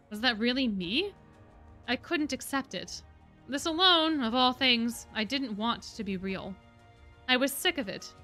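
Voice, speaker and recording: A woman's voice: a little high, bright, forceful tone. Woman voicing a bitter young lion prince. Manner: bitter, weary inner monologue. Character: brooding defeated young lion beastman prince.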